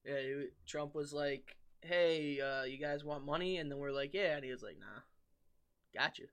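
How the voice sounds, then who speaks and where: A man's voice: a little high, normal speed, a bit bright, clean tone. A young man co-hosting a podcast in casual joking chat, clowning around and riffing. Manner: jokey, goofs into silly voices. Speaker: podcast co-host.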